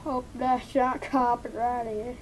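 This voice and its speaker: A woman's voice: a little high, level tone, slow pace, slight background noise, rough recording. A woman vlogger chatting casually to viewers while painting, rambling through asides and self-talk.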